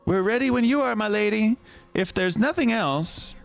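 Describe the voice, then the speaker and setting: A man's voice: high-pitched, moderate pace, creaky, faint music behind, voice pushed up. A man doing a polite attendant in a raised voice. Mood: courteous. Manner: polite, formal and deferential.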